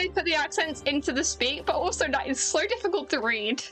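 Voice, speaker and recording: A woman's voice: high voice, expressive, fairly quick, few pauses, pushed and bright, soft background music. A woman streaming a game, chatting casually with self-mocking asides between reading lines. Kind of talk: casual let's-play commentary.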